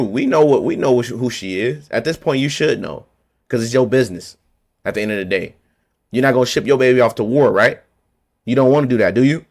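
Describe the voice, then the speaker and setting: A man ranting to camera about politics, heated and confrontational, hammering his points by repeating them in blunt street slang. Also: mid-range voice. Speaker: vlogger.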